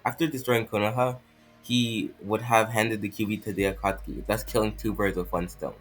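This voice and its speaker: A man reading as a blunt young female ninja, in his own low voice with a slight French accent. He trips over words now and then, and faint music plays behind him. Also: little pitch movement, natural voice, low-quality recording. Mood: urgent. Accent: put-on French accent. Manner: stumbling, halting reading with restarts.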